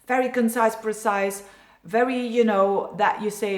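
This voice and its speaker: A woman astrologer from Belgium talks through a yearly forecast in a chatty, reassuring manner, with frequent fillers. Her pitch sits in a middle range for a woman. The room around her has a noticeable echo. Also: steady tone, unhurried. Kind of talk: casual horoscope video.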